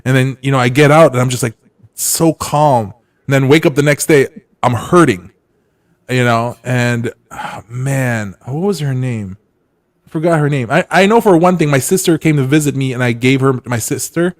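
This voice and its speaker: A man's voice: mid-range voice, normal speed, no room sound. A man in casual chat, telling stories in a loose, rambling way full of restarts and trailing asides.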